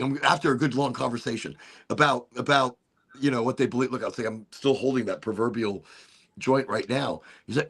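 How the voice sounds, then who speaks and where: Gravelly man telling a rowdy story. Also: mid-range voice, fairly quick. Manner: animated, swearing, slips into mock British accents for quoted people. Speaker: host. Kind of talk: casual storytelling chat.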